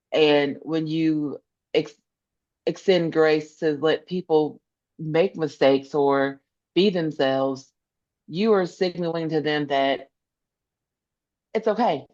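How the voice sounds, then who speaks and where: A woman's voice: low-pitched, steady tone, slow pace, long pauses, darkish tone, dull audio. A woman guest in a podcast interview, talking earnestly and emphatically, repeating phrases to stress her point. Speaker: podcast guest, social worker. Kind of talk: conversational interview.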